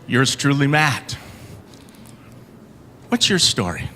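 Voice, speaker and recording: Bright dramatic male motivational speaker. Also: medium pitch, very animated, slow, a little hiss or hum. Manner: dramatic storytelling, swings from loud to hushed. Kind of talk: motivational keynote speech.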